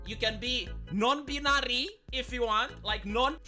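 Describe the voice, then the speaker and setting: A man's voice: extremely high pitch, unhurried, bright, forceful tone, soft background music. A man with an accent, complaining earnestly in a video monologue, often stalling and restarting.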